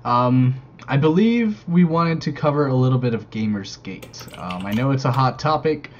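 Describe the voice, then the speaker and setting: A man's voice: medium pitch, lively intonation, moderate pace. Upbeat male podcast host, lo-fi. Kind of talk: casual podcast chat. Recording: dull lo-fi sound with faint noise.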